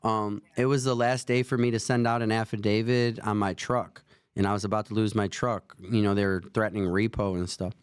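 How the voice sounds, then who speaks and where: A man's voice: fairly low pitch, little pitch movement, fairly quick, clean tone, no room sound. A man in his forties telling a rambling, earnest faith story in casual conversation as a host. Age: 40s.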